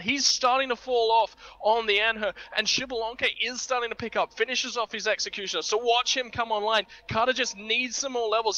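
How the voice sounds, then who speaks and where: Male esports caster: high, very bright tone, dry close-miked sound, animated delivery. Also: dry recording, lo-fi sound. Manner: animated, shouts at big plays. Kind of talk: excited esports commentary.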